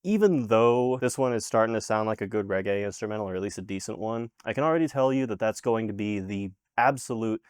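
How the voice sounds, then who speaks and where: A man's voice: fairly low pitch, quick pace, hardly any pauses, clear, resonant tone, no echo, studio quality. A man reviewing an album in casual commentary, exasperated and sarcastic, swearing often. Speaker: music reaction host.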